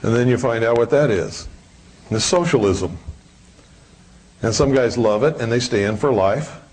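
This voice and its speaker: A man's voice: medium pitch, moderate pace, a little mellow, slightly rough. A man giving a live lecture to an audience in a hall, blunt, combative and preachy. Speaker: public speaker.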